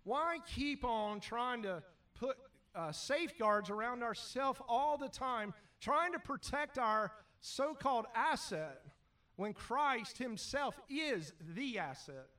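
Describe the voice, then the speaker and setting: A man preaching a sermon as pastor, animated, shouting at times and then dropping to quiet asides. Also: very high-pitched, takes it slowly, distant mic.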